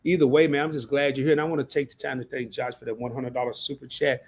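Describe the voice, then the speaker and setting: A man's voice: mid-range voice, little pitch movement, fast, a little mellow. A man hosting a live stream, chatting loosely in slang and reading out viewer messages. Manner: loose slangy talk, reads out chat messages. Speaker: livestream host. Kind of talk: casual livestream chat.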